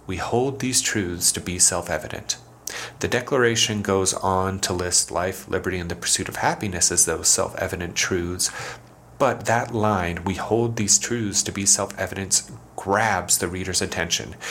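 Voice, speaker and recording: A man hosting an educational poetry podcast, explaining meter in a measured, scripted way and reading verse slowly and deliberately. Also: low voice, fairly bright tone, slight background noise. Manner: measured, clear explanatory delivery, slows to a deliberate recitation for verse. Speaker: podcast host teaching poetry.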